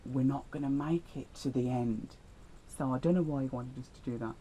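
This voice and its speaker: A man's voice: mid-range voice, normal speed, warm tone, breathy edge, low-quality recording. Teen boy vlogger, rambling and self-deprecating, telling school stories. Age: teens. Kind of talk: storytime vlog.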